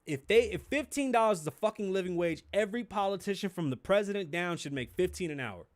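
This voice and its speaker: A man's voice: sits high, lively intonation, fast, no echo. A man in his thirties with a New York accent, hosting a solo podcast and ranting with blunt, profane emphasis. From the Bronx, New York. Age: 30s. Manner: profane, fired-up and emphatic, swings between shouting and muttering. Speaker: podcast host. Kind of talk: opinionated solo podcast rant.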